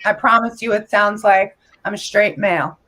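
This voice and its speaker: A woman chatting as a guest on a video call, playful, with a stream of "like" and quick asides. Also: mid-range voice, sharp tone, rough recording. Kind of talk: casual chat.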